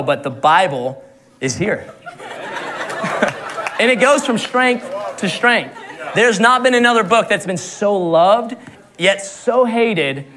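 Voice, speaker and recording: A man's voice: a little high, a bit bright. A young man preaching a sermon, earnest and often laughing at his own stories.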